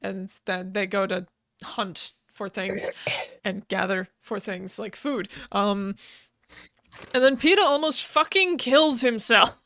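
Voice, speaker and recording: Bright, slow-talking woman recapping a book. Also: medium pitch, no echo, studio quality. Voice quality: swears casually, laughs often mid-sentence. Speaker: podcast co-host. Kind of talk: casual book recap chat.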